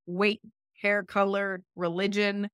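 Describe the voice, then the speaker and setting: A woman's voice: mid-range voice, level tone, takes it slowly, a bit bright, clear, resonant tone, dry recording, studio quality. A woman life coach giving direct, emphatic dating advice in a podcast interview, often repeating key phrases for emphasis. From United States. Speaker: life coach and relationship expert guest.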